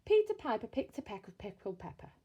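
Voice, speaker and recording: A woman reading a storybook aloud, voicing a rough-spoken but kindly grown male burglar who talks in slang and exclaims often. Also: on the high side, sing-song, fairly quick, warm tone, dull audio. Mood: bemused.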